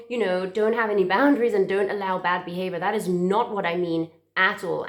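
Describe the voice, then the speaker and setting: A woman speaks earnestly to camera as a therapist, in a middle-pitched voice. She talks in a heartfelt way and restarts and repeats words as she searches for them. The room around her is echoey.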